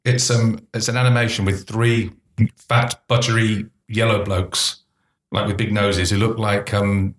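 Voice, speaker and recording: A man with a lowish voice runs a podcast quiz in a loose, joking way. He rambles, stalls on fillers and teases his co-host. The sound is roomy and echoey. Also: flat delivery, measured pace. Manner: playful, rambling with many fillers. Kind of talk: casual chat. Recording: roomy echo.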